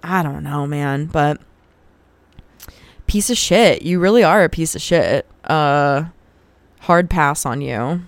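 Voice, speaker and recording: A woman's voice: low-pitched, takes it slowly, long pauses, no room sound. Frank, profane woman podcast host. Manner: frank and profane, heated when retelling arguments. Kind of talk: casual confessional storytelling.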